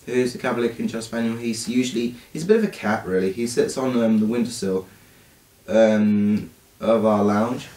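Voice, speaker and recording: A man's voice: medium pitch, a little fast, dark tone. A young man co-hosting a casual podcast, telling stories with lots of hesitant fillers. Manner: hesitant storyteller, many fillers. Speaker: podcast co-host. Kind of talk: casual chat. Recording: roomy, distant mic.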